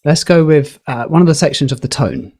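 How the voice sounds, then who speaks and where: A man on a podcast, explaining communication skills in a lively, teacherly way with a few fillers. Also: fairly high pitch, a little fast. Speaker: podcast guest, communication educator. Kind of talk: explaining, casual podcast chat.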